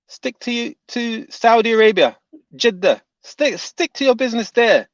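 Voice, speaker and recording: A man's voice: sits high, expressive, unhurried, pauses often, dry recording. A man delivering a heated, indignant reaction rant as an online commentator, often repeating his points. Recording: dull, dry lo-fi audio.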